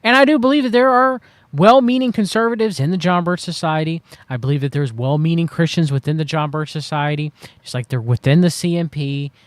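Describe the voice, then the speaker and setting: Host: man with a high voice, wry rambling commentary to a stream chat, dry close sound. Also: dry recording. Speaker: livestream host.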